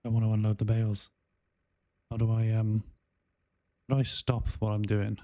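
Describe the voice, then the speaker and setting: Low, flat-voiced South Welsh man. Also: moderate pace, no room sound, highs cut off. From South Wales. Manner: chatty, rambling, with frequent fillers and restarts. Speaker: gaming streamer. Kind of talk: casual livestream chat while gaming.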